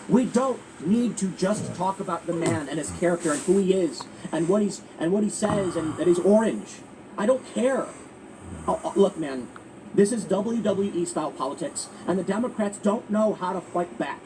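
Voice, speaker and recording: A man hosting political commentary, talking in an emphatic, animated way with frequent restarts. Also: high voice. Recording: distant mic with faint ambient noise.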